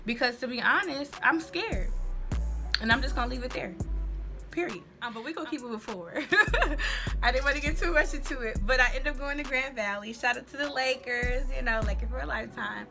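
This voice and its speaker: A woman's voice: high-pitched, brisk. Young woman telling her story over music. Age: young adult. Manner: candid, faith-centered, slangy. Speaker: vlogger. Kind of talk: personal storytelling vlog. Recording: music playing underneath.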